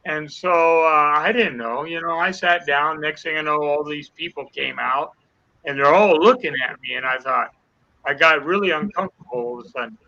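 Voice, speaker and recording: A man's voice: fairly high pitch, normal speed, vocal fry, sharp tone, muffled recording. An older man, a guest, telling an emotional personal testimony, acting out the dialogue as he goes. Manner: earnest storyteller acting out dialogue.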